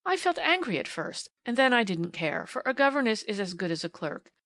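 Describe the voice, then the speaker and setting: A woman's voice: a little high, fairly quick. A woman from New Zealand with a New Zealand accent, expressively narrating an audiobook in the first person. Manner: expressive storytelling reading.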